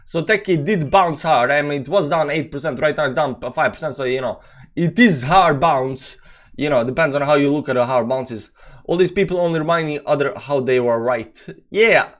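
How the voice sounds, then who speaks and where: A man's voice: fairly high pitch, a little fast. A young man with a speech pattern hosts a casual crypto livestream, reading chat comments aloud and rambling with many fillers and restarts.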